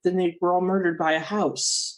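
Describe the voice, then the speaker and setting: A desperate young woman begging for help, as a man plays her in a tabletop game. She stammers urgently in a fairly high, strained voice. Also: little pitch movement, normal speed, close to an everyday voice. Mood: frantic.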